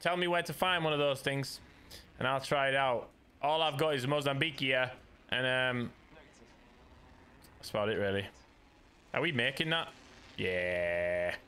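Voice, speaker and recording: Here the same Yorkshire streamer speaks a little slowly with long pauses, his mid-range voice pushed, bright, clear and resonant. He's joking around in casual gaming chat and stumbling over restarts.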